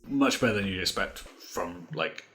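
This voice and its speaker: Deep, bright-voiced man, rambling podcast chat. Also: expressive, normal speed. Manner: rambling, many "like" fillers. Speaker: podcast co-host.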